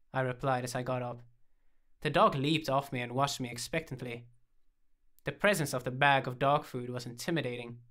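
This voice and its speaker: A man reading a first-person comic story aloud in a dry, deadpan manner, acting out the dialogue. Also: mid-range voice.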